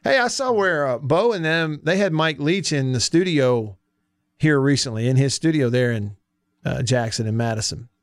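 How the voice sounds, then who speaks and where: A man's voice: medium pitch, animated, normal speed, smooth, dry recording. A man hosting a casual sports talk radio show, with a Southern accent, folksy and chatty as he reads listener texts. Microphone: studio mic. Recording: dry studio sound.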